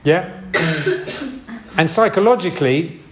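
A man's voice: fairly high pitch, animated, slow. A man giving a casual, rambling sermon. He restarts often and makes asides. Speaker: preacher. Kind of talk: informal sermon.

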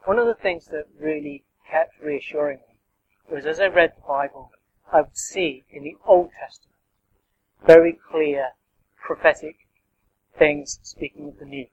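High-voiced man preaching, dull lo-fi sound. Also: lively intonation, unhurried, creaky, pauses often. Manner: conversational, quizzing the congregation. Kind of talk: interactive sermon.

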